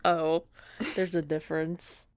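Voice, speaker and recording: A woman's voice: sits low, little pitch movement, slow. Playful, giggly woman podcast co-host. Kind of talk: casual chat.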